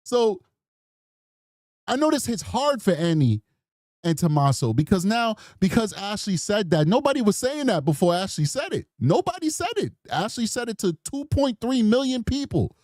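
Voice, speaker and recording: A man's voice: sits high, normal speed, no echo, studio quality. A man in his forties giving rambling, slangy reaction commentary on a true crime case. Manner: rambling, slangy, animated storytelling.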